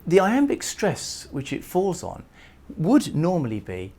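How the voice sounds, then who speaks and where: A man giving a recorded poetry lecture who reads verse aloud and talks with lively emphasis, pushing key words up in pitch and volume. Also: unhurried, few pauses. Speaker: literature lecturer.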